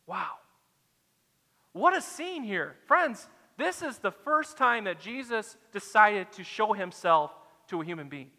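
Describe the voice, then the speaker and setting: A man's voice: high voice, lively intonation, unhurried, hardly any pauses, sharp tone, long reverb tail. A man preaching a sermon as a pastor, dramatic and acting out the quoted lines.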